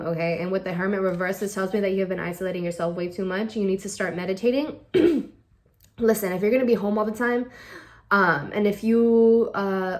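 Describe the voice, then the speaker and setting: A woman doing a casual weekly tarot reading, talking directly to the listener and coaxing them, often ending lines with "okay?" or "all right?". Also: mid-range voice. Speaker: tarot reader.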